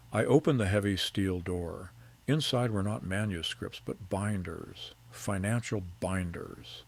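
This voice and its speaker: Older male narrator, gravelly and low, calm scripted storytelling, dry close sound. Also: measured pace, no room sound.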